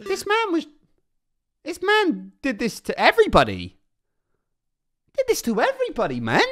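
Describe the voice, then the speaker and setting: A young man streaming, reacting excitedly to clips in a casual chat and repeating himself as he talks. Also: very high-pitched, moderate pace, faint music behind.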